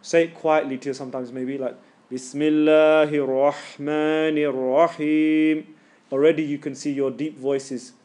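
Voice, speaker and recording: A man's voice: medium pitch, fairly even intonation, a little fast, few pauses, warm tone. A middle-aged man, casually coaching students on recitation in a class and demonstrating the sounds himself. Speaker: Quran recitation teacher. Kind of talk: live tajweed class coaching.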